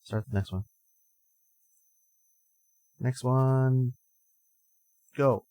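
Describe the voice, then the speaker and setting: A man's voice: mid-range voice, fairly even intonation, extremely slow, mellow, smooth, no echo. A man in his twenties hosting a live stream, chatting casually, sleepy and rambling with frequent laughs. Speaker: streamer host.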